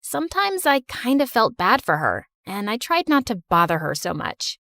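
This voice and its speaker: A woman narrating a first-person animated story in a confessional storytelling manner. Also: on the high side, moderate pace, dry recording.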